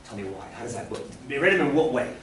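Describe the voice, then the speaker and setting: A male teacher giving a casual, animated classroom lecture, encouraging students and asking them questions. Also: mid-range voice, quick pace, crowd noise. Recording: echoey classroom from far off.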